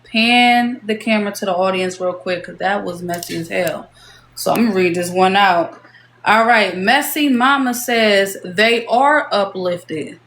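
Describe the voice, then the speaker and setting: A woman's voice: medium pitch, a little slow, a bit bright, roomy sound, slight background noise. A woman hosting a casual live-stream chat, reading viewer comments aloud in a playful way. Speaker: show host.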